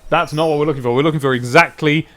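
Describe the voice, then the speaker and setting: A man chatting while streaming a game, excitable and given to humming and scatting tunes, a bit stuffy from hay fever. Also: on the high side, racing. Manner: chatty, hums and scats tunes, excitable outbursts. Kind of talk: casual let's play commentary.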